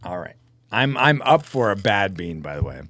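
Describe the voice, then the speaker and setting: A man's voice: on the low side, very animated, moderate pace, a bit bright, dry recording. A man live-streaming while drawing pixel art, chatting casually and joking about himself to his viewers. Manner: chatty, self-mocking, talks to chat.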